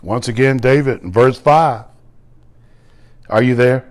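A middle-aged man preaching a sermon, animated, with shouted exclamations and slow, drawn-out scripture reading. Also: mid-range voice. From United States. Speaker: bishop and pastor.

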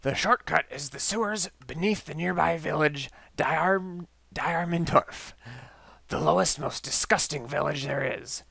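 A man voicing a ruthless male mad scientist in a game story, with a raspy, put-on voice and grand, formal speech. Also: fairly high pitch, unhurried, sharp tone, no echo, exaggerated voice. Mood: scheming. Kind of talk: reading a game's story aloud in a put-on voice.

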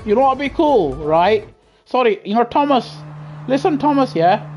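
A man's voice: very high voice, expressive, moderate pace. Man gaming on stream, slangy banter with chat, headset mic, faint music and engine noise behind. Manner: chatty, reacts loudly to the race, jokes with viewers in slang. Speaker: live-streaming sim racing gamer. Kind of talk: casual live-stream chat while racing.

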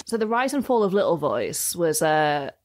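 A woman's voice: low voice, sing-song, normal speed, over music. A woman co-hosting a casual podcast, chatting and reading a newspaper article aloud to her co-hosts, laughing between quotes. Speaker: podcast co-host.

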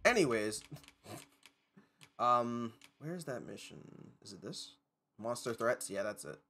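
A man's voice: medium pitch, sing-song, slow pace, vocal fry, sharp tone. A man streaming a video game, rambling and joking with his chat in casual commentary. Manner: rambling, jokey, talks to chat.

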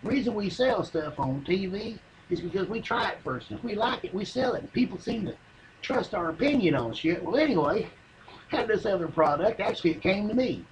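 A man with a drawl rambles through a profane comic story in plain folksy grammar. His voice sits high for a man. The recording carries clear background noise. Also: animated, brisk, low-quality recording. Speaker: comedian telling a story. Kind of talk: stand-up comedy monologue.

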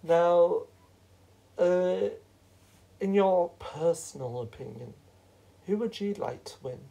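Hoarse, rambling fan-show host. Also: medium pitch, lively intonation, takes it slowly, dark tone, low-quality recording. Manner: chatty, rambling, self-correcting. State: hoarse, sore throat. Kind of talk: fan-made reality show hosting.

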